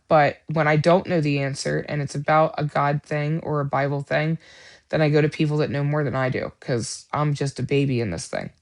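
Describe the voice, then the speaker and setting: A middle-aged woman hosting a livestream Bible study, talking in an earnest, rambling casual chat with many fillers. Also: deep voice.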